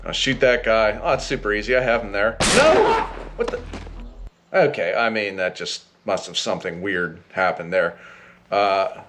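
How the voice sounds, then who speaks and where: A man's voice: on the low side, steady tone, moderate pace, heavy background noise. Chatty man narrating gameplay. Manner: chatty, exasperated, exclaims at failures. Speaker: gameplay walkthrough host. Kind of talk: casual gameplay commentary.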